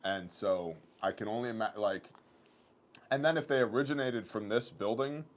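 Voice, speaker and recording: A man hosting a casual company livestream, chatting and telling stories with animated laughter. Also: lowish voice, normal speed, a little hiss or hum. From Oklahoma. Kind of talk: casual chat and storytelling.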